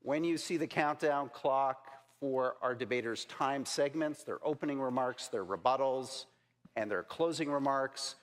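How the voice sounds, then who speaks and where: A man moderates a debate from a podium mic in a large hall. He speaks slowly and deliberately with an upbeat announcing tone. Faint crowd sound and light noise sit behind him. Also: mid-range voice. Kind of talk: formal moderating. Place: large hall before a live audience.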